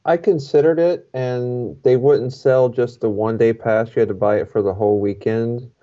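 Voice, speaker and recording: A man co-hosting a casual podcast, speaking calmly and matter-of-factly. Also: mid-range voice, moderate pace. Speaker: podcast co-host. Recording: dull lo-fi sound.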